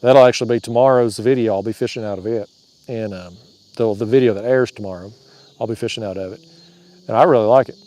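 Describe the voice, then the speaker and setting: A man's voice: fairly low pitch, fast, dark tone. A man hosting a fishing livestream from a kayak, chatting through viewer comments in a drawling, joking way and laughing at his own jokes. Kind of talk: casual livestream chat reading comments. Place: outdoors on a kayak on a river at night.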